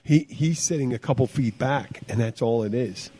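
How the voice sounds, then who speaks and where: A man hosting a casual podcast, talking in a rambling, halting way with many fillers and restarts, and swearing freely. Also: mid-range voice, mellow, a little hiss or hum. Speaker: podcast host, bartender.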